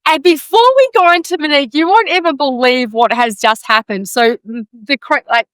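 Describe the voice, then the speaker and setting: A woman hosting a podcast in casual chat, excitable and swearing freely, with plenty of fillers. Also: high-pitched, normal speed, no room sound. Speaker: podcast host.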